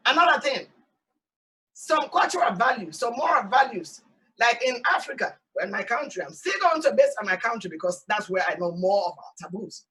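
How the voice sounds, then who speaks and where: A woman from Sierra Leone with a Sierra Leonean accent, hosting an animated, emphatic talk monologue outdoors. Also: fairly high pitch, normal speed, distant mic, low-quality recording. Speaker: host. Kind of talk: casual talk show monologue. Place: outdoors in hot sun.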